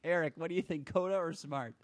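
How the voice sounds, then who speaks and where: A man hosting a casual car podcast, running quick quiz rounds and joking with his panel. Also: a little high, dry recording.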